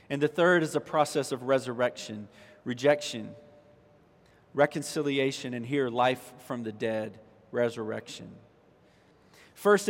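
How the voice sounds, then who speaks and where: A man, the pastor, preaching a conversational sermon and reading scripture, pushing his voice up for emphasis. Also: medium pitch. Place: church sanctuary. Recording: long reverb of a church hall.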